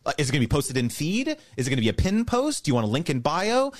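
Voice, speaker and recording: A man being interviewed on a podcast, explaining step by step in an animated way. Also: fairly high pitch, fast talker. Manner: animated, explains step by step, mimics others' voices. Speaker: guest, creator business educator.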